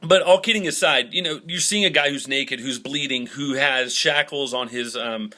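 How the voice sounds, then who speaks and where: A young man from the is teaching a Bible lesson in a relaxed, conversational way. He tells the story with upbeat energy. His tone is bright and forward, and his pitch is in the middle range. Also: moderate pace. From Southern United States.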